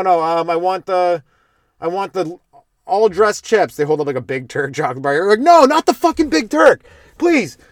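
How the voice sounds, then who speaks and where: Profane ranting comedian, dry close sound. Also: male voice, mid-range voice, no echo. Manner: profane, rambling, acts out voices of strangers. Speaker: stand-up comedian and podcast host. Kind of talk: ranting stand-up riff.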